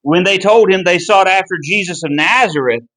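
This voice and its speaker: A man teaching a Bible class, earnest and emphatic, with a deliberate delivery and small restarts. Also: high voice, fairly bright tone, poor audio. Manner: earnest and emphatic, pleading in tone when driving a point home. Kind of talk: Bible study lesson.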